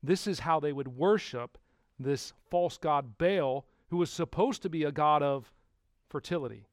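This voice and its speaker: A man preaching a sermon as pastor, putting rhetorical questions to the congregation and swinging from hushed to loud. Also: fairly high pitch, measured pace, no echo, clean studio sound.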